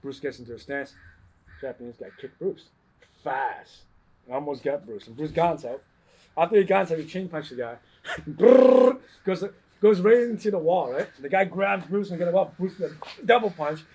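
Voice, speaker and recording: A man's voice: a little high, normal speed, darkish tone, slight background noise. A martial arts instructor telling a story in a casual chat. He acts out the people in the story and laughs often.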